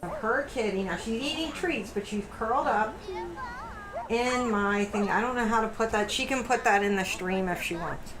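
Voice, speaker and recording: A woman's voice: moderate pace, background noise. A middle-aged woman casually chatting as she plays a life simulation game on stream, cooing at her frightened cats now and then. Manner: chatty, talks to her pets in a high coo. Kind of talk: casual gameplay stream chat.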